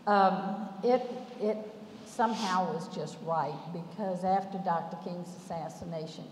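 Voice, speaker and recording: Older woman, panel memories, chatty and rambling, lowish voice, echoey hall. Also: unhurried, slight background noise. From Memphis, Tennessee. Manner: chatty, restarts often, laughs between thoughts. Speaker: alumna panelist. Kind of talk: personal reminiscence on a panel. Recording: roomy hall with long reverb.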